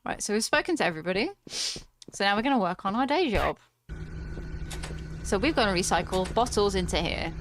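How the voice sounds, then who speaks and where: Over a noisy background, a British woman with a medium-pitched voice hosts a gaming video from home. She's chatty and playful, reading the game's text aloud and peppering her casual commentary with giggles and asides.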